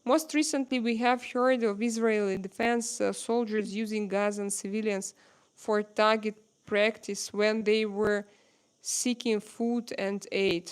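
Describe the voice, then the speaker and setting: A young woman with a Russian accent, a native Russian speaker hosting a casual livestream, reading viewer comments aloud in halting English full of fillers. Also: medium pitch, steady tone, clean tone. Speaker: livestream host.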